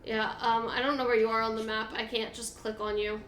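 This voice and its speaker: Woman gaming and chatting, kinda high bright voice, lots of um and uh. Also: level tone, a little fast, echoey room. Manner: chatty, thinks aloud with fillers. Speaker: game co-player. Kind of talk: casual gaming chat.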